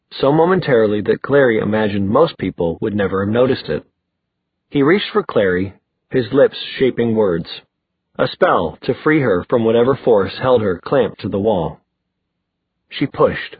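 A man reading a novel aloud in a measured, even storytelling manner. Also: lowish voice, husky, no echo. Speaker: audiobook narrator. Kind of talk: scripted novel narration. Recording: dry tinny phone-like sound.

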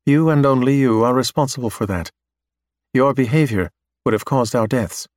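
A man voicing a calm, precise android scientist who speaks matter-of-factly. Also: medium pitch, moderate pace, no echo, clean studio sound, lightly acted. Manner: completely calm, matter-of-fact.

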